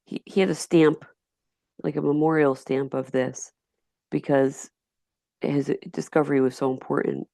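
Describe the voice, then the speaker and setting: A low, gravelly woman's voice with a Yonkers accent talks through a chemistry lecture, close and dry with no room sound. She is chatty and digressive, stopping to restart her sentences as she goes. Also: flat delivery, unhurried, pauses often, warm tone, no room sound. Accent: Yonkers, New York. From Yonkers, New York. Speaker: high school chemistry teacher. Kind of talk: recorded slideshow lecture.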